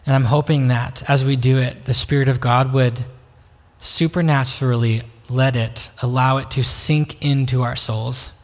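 A man preaching a sermon as pastor, slow and reflective, pausing to invite listeners in. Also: mid-range voice, steady tone. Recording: long reverb of a hall.

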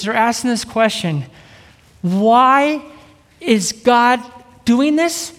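A middle-aged man with a high voice, an evangelist giving an energetic sermon and keeping a live audience engaged. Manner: upbeat, keeps asking the crowd "right?". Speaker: evangelist preacher. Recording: reverberant hall.

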